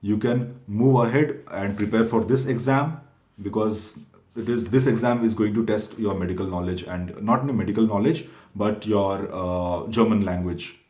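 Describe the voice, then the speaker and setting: A man giving an informal, step-by-step explainer talk to viewers, halting often and correcting himself as he goes. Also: on the low side, a little mellow. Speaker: exam prep channel host. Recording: echoey room.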